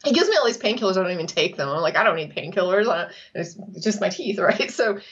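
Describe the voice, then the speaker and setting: A woman's voice: medium pitch, fast. A woman co-hosting a casual chat, telling stories animatedly, laughing often and acting out what others said. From Texas. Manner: animated storyteller, laughs often, acts out quotes. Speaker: co-host. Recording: slightly dull lo-fi audio.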